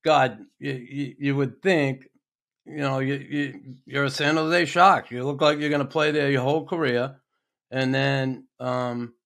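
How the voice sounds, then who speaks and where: A man's voice: medium pitch, fairly even intonation, a little slow, vocal fry, a bit bright. A man hosting a podcast, asking questions in a loose, rambling way with many fillers. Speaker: podcast host, former hockey player. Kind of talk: casual interview chat.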